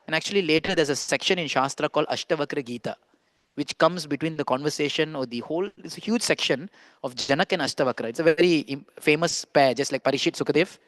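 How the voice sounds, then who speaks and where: A man giving a scripture class as a monk, telling a story in an animated way and slowing down for emphasis. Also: fairly high pitch, dry recording. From India. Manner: animated storyteller, acts out quoted dialogue, slows for emphasis. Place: temple hall.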